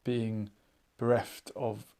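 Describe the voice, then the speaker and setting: A man hosting a live online chat show, musing out loud and reading viewers' comments aloud in a casual, thinking-aloud way. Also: lowish voice, level tone, slow pace. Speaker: livestream chat host.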